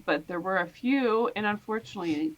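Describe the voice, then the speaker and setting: A woman's voice: mid-range voice, expressive, a little fast, dull audio, a crowd in the background. A woman speaking frankly and passionately in a casual panel chat. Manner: frank, passionate about her point. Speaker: experienced surrogate on a panel.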